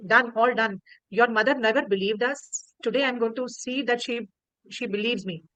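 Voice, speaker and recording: A woman's voice: fairly high pitch, moderate pace, fairly bright tone, dry recording, lightly acted, poor audio. Woman doing scolding old milkmaid, Indian accent, storybook telling, dry close sound. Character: elderly village milkmaid, stern and scolding.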